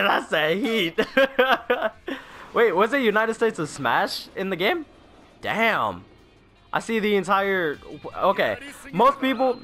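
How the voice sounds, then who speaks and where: A high, animated young man commentating his own fighting-game match, jeering at opponents and laughing at his own mistakes. His voice is bright and jumps around a lot. Game music plays faintly underneath. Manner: trash-talking, laughing, swearing at opponents. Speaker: gaming YouTuber. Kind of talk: casual gameplay commentary.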